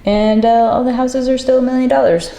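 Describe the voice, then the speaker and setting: A young woman vlogging outdoors, tearful and wistful, talking in halting, trailing-off phrases. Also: a little high, fairly even intonation, gravelly, dark tone, echoey room, poor audio. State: tearful, crying. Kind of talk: emotional personal vlog. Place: outdoors by her apartment.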